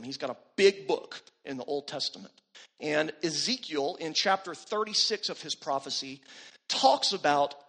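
Male pastor, sermon, emphatic, repetitive build, high, bright tone.

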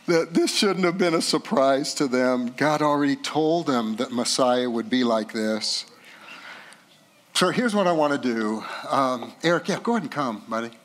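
A middle-aged man preaching a sermon as pastor, rising loud and high at climaxes and dropping soft and slow in tender passages.

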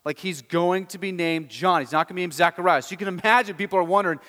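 A man's voice: high-pitched, fast, fairly bright tone, in a large hall. A male pastor preaching a sermon, telling the story with emphasis and asking rhetorical questions.

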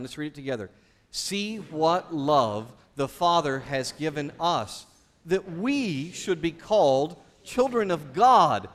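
A pastor with a fairly high voice preaches a sermon in an animated way, tossing rhetorical questions to the congregation.

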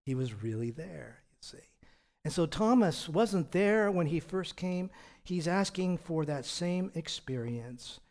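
A pastor preaching a conversational sermon, asking rhetorical questions and answering them himself, often repeating words and chuckling between points. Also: male voice, on the high side, lively intonation, measured pace, a little mellow.

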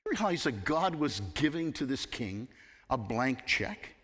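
Slow emphatic preacher in reverberant hall. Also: male voice, mid-range voice, breathy edge. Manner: expressive, emphatic preaching with dramatic pauses. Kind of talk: sermon.

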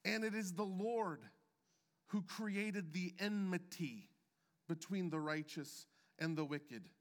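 A man preaching a sermon as a pastor, measured, with deliberate pauses and emphatic drops. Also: high voice, long reverb tail. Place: church sanctuary.

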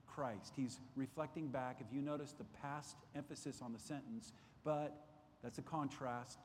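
A man's voice: mid-range voice, fairly even intonation, a little slow, in a large hall, slight background noise. A man teaching a Sunday school Bible lesson, earnest and repeating key phrases for emphasis. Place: church classroom.

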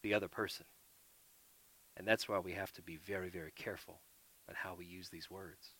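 A man preaching a sermon, earnest, moving between loud emphasis and soft quiet asides. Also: low voice, fairly even intonation, brisk, breathy edge.

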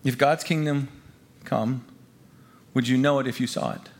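A man preaching a sermon to his congregation as pastor. He talks emphatically, repeats key phrases and swings from hushed lines to loud ones. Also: medium pitch, fairly even intonation, moderate pace. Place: church gathering before a congregation.

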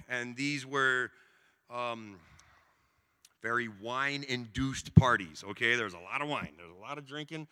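Bright-voiced preacher in a reverberant hall. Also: male voice, medium pitch, smooth. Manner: casual, animated storytelling with slang. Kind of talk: sermon. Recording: long reverb.

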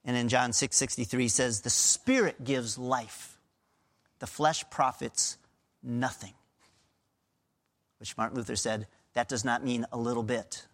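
A man's voice: medium pitch, steady tone, measured pace, long pauses, fairly bright tone. Earnest middle-aged male pastor preaching. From Pennsylvania, USA. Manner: earnest, emphatic preaching with a conversational tone. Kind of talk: sermon.

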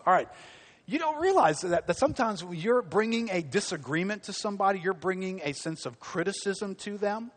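A man preaching a sermon in a conversational, animated way, full of rhetorical questions. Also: sits high, fairly quick.

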